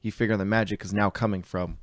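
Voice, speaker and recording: A man's voice: lowish voice, fairly even intonation, fast, no room sound, rough recording. A man explaining rules and narrating scenes as game master in casual chat. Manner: explanatory, casual, says "you know" a lot.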